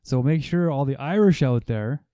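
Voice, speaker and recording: A man's voice: mid-range voice, expressive, moderate pace, dark tone, dry recording, studio quality. A man who is a guest on a casual podcast, easygoing and teasing.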